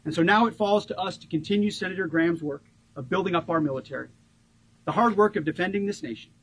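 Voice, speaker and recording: A man in his forties giving a rousing ceremonial tribute speech as a government official, stressing key words by slowing down. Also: sits high, poor audio.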